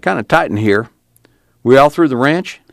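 A man's voice: mid-range voice, animated, moderate pace, vocal fry, no echo, clean studio sound, voice pushed up. A man voicing a wary young man hiding from police, speaking in wry rural dialect.

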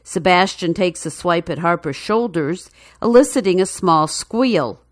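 A woman reading a news feature story in a measured, even narration. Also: lowish voice, no echo, studio quality.

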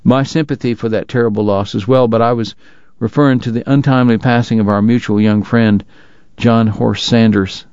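A man's voice: medium pitch, fairly even intonation, normal speed, a little mellow, clear, resonant tone, no echo, highs cut off, close to an everyday voice. A man voicing a formal, long-winded Southern dentist and gambler with a drawl, in a read-aloud story.

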